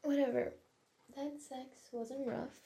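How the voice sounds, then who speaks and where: A woman's voice: sits high, fairly even intonation, takes it slowly, warm tone. Breathless young woman in audio role-play.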